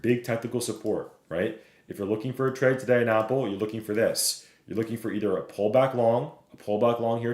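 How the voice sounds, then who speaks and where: A man's voice: mid-range voice, darkish tone. A man streaming live, walking viewers through stock charts, reading the chat and checking in with "right?" and "okay?". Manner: fast, repeats "right?" and "okay?", reads chat aloud. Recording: roomy echo.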